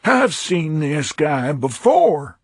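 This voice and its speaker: A short, fat, pompous police chief, as a male audiobook narrator puts him on, with a high, squeaky voice. He talks in a brusque, puzzled way, slow and thin, as if heard from a step back. The delivery is husky and dry. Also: very animated, dry recording, full character voice.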